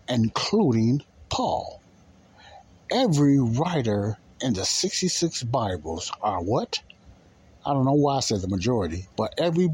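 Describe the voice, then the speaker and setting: A man's voice: medium pitch, husky, low-quality recording. A man preaching in a conversational style, repeating key phrases and pressing his listeners with rhetorical questions. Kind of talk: informal preaching.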